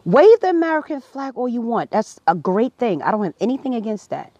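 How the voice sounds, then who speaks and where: A woman's voice: on the high side, very animated, a little fast, warm tone, dry recording, highs cut off. A woman speaking to camera, earnest and preachy, her voice rising to emphatic peaks. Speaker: vlogger. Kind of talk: impassioned personal commentary.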